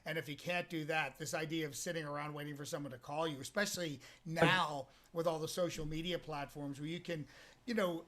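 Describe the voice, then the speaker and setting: Bright-voiced American comedian, animated. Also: male voice, a little high, a little fast. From United States. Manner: animated, rambling with many restarts. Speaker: comedian and impersonator. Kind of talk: interview guest chat.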